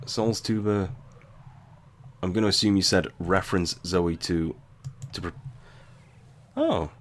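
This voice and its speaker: Deep-voiced, swearing male gamer. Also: measured pace. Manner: profane, wry, offhand. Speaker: gaming streamer. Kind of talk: casual let's-play commentary.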